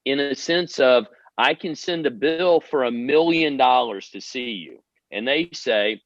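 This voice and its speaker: A man co-hosting a podcast who works in healthcare, explaining contracts in a measured way. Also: medium pitch, animated, dry recording, highs cut off. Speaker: podcast co-host. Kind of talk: casual chat.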